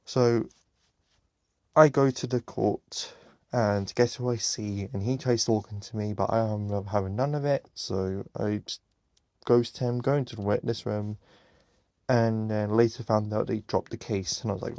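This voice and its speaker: A young man tells a personal story in a casual storytime video. His voice sits low with a gravelly, creaky edge and sounds close and dry. He talks bluntly, swears freely, and halts on fillers and restarts. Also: fairly even intonation, normal speed, darkish tone, dry recording. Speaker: vlogger.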